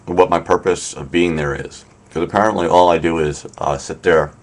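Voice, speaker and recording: A man's voice: low voice, steady tone, normal speed. A man hosting a casual live stream from his room, rambling with lots of fillers and a wry tone. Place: apartment in Tokyo.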